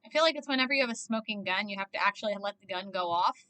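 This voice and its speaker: A woman reacting to a movie in casual commentary, animated and exclaiming, swearing constantly and laughing. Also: medium pitch, very fast, low-quality recording.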